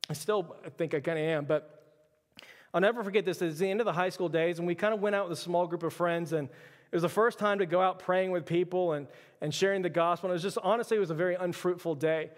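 A young man preaches with a rapid, high-pitched delivery, sliding into loose, chatty storytelling full of "like." His voice carries a long reverb from a church hall. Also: steady tone. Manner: casual storytelling with frequent "like". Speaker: pastor. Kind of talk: sermon.

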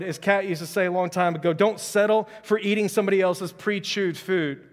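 A man's voice: high-pitched, fairly even intonation, fairly quick, hardly any pauses, in a large hall. A man preaching a conversational sermon as pastor, reading scripture and adding joking asides. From Houston, Texas.

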